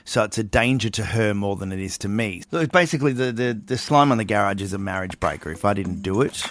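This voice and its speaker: A man with an Australian accent co-hosts a casual podcast chat, laid back and quick to swear. His voice sits fairly low. The mic is close and dry. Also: lively intonation, no echo. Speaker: podcast co-host.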